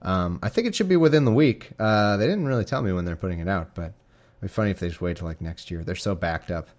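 A man's voice: low-pitched, expressive, fast. A young man hosting a casual home podcast, rambling and self-deprecating, with frequent restarts and asides. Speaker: podcast host. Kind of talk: casual chat and scripture reading. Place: home living room with a cat.

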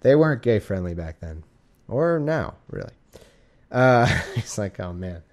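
A man's voice: fairly low pitch, sing-song, a little slow, a little mellow. Drowsy man riffing on scripture. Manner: joking asides, mock-dramatic quotes. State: drowsy, sleepy. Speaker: casual Bible reader. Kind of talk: irreverent casual reading with commentary. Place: warm room at home.

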